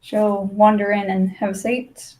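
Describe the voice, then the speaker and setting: A woman's voice: medium pitch, level tone, measured pace, darkish tone, rough recording. A woman playing a tabletop role-playing game, talking casually and filling her speech with "like". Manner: casual, full of "like" fillers. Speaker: player.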